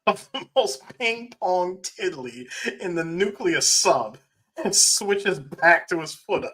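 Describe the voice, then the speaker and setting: A man's voice: high-pitched, expressive, takes it slowly, pushed and bright. A man co-hosting a podcast, chatting casually and telling jokes while laughing through them. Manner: joking, laughing through his stories. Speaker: podcast co-host. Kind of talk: casual chat.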